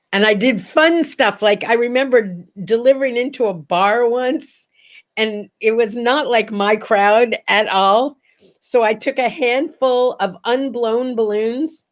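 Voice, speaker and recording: An older woman hosting a casual morning chat, telling stories with lively energy and acting out the voices of the people in them. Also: mid-range voice, unhurried. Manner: animated, acts out quoted voices in stories. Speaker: livestream host.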